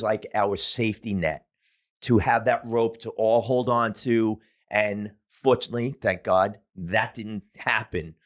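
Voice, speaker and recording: A middle-aged man telling a story as a podcast guest, casual and profane, with many fillers. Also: on the low side.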